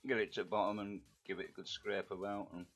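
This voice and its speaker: Middle-aged Yorkshire man, low voice, chatty live-stream host, dull lo-fi audio with faint music behind. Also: flat delivery, fast talker. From England. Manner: chatty, banters with viewers, rough-edged. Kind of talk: casual live-stream chat while painting miniatures.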